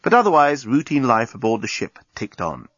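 A male audiobook narrator with a lively, swooping delivery and a slightly husky voice. He tells the story wryly, and the recording is dry and muffled. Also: mid-range voice, moderate pace, no room sound.

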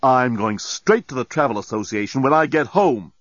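A man reading a storybook aloud, voicing a sharp-tongued young woman who speaks in an indignant, snappy way. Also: mid-range voice, lively intonation, normal speed, dry recording, lightly acted. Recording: dull lo-fi dry recording.

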